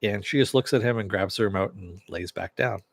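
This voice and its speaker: A man's voice: on the low side, a little fast. A man casually recapping a TV episode, retelling scenes loosely with fillers and occasional laughs. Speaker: show reviewer.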